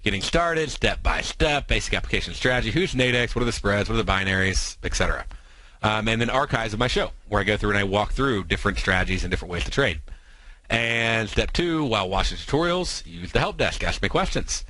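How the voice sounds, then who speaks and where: An American man hosting a trading show, explaining strategies in quick, filler-heavy talk. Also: on the low side, animated, bright, forceful tone, low-quality recording. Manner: talks fast, many fillers and asides.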